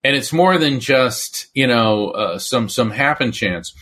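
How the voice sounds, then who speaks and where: A middle-aged man talks through his stories in a lively way, acting out the people he quotes. His voice sits in an ordinary middle pitch. He speaks as a guest in a relaxed interview. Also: a little slow. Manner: animated storyteller who acts out quoted voices. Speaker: medium and former attorney, guest. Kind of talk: conversational interview storytelling.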